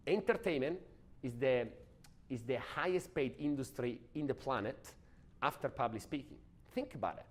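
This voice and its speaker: A man giving an energetic, emphatic sales training talk, often asking the audience questions. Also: a little high, normal speed.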